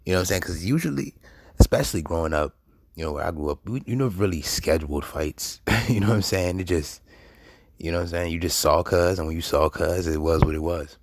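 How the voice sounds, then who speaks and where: Deep-voiced man telling a story, casual. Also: fast talker, no room sound, clean studio sound. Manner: loose, slangy, animated, laughs a lot.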